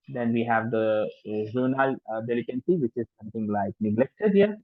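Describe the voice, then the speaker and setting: A man's voice: medium pitch, moderate pace, hardly any pauses, dry recording. A man with an Indian English accent gives an informal lecture as a French language teacher, hesitant, with many fillers and restarts. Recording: tinny phone-like sound, dry.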